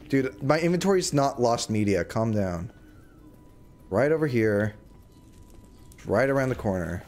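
A man's voice: mid-range voice, sing-song, normal speed, long pauses, darkish tone, soft background music. A man chatting casually to his viewers on a live gaming stream, rambling and joking as he plays. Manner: rambling, jokey, talking to chat while playing.

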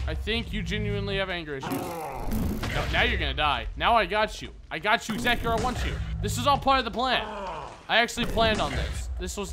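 Man trash-talking his game in high pitch. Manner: profane trash talk at game enemies. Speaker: gaming video host. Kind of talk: casual let's play commentary.

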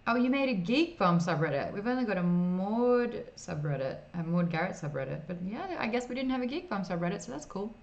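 A woman's voice: mid-range voice, sing-song, fairly quick, few pauses, a little mellow. A woman chatting casually while streaming an old computer game and reading chat. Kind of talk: casual gameplay commentary. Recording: slightly dull streaming mic audio with faint noise.

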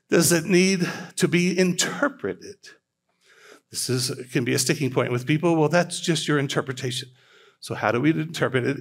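Middle-aged guy talking bible to a live crowd, lots of questions, voice swings up and down, fairly high. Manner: conversational, questioning, quotes scripture aloud. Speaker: speaker at a church hangout. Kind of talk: informal teaching talk to a live audience.

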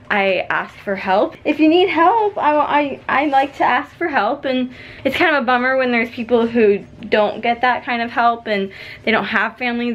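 A woman's voice: on the high side, highs cut off. A young woman and stay-at-home mom chatting casually to camera at home, laughing often and saying "like" a lot. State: out of breath. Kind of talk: casual vlog chat. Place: home, indoors.

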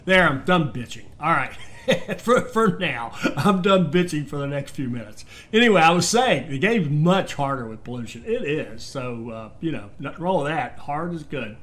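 A man's voice: on the high side, lively intonation, normal speed, hardly any pauses, a bit bright. A man casually commenting on his own gameplay as the host, thinking aloud with fillers and restarts. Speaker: game commentator. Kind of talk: casual let's-play commentary.

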